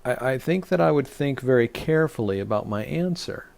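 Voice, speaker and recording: A man's voice: medium pitch, expressive, brisk, gravelly, darkish tone. A man, a rabbi, teaching a Torah study, reading scripture aloud and explaining it with frequent restarts and fillers.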